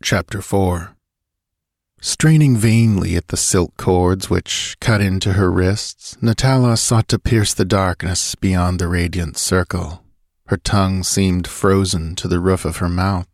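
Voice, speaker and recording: A man narrating an audiobook in a measured, even storytelling manner on a close mic. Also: low voice, no echo. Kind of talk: scripted narration.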